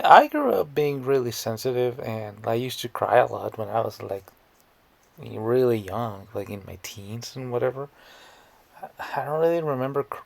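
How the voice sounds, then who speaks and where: A man's voice: mid-range voice, creaky, a little mellow, no echo. A man giving scornful, blunt reaction commentary, often stammering and repeating words. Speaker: commentary YouTuber.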